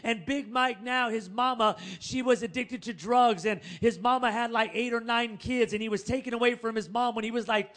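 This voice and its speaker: A male pastor telling a story in a sermon, chatty and animated, with laughing asides and calls to the congregation. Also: very high voice.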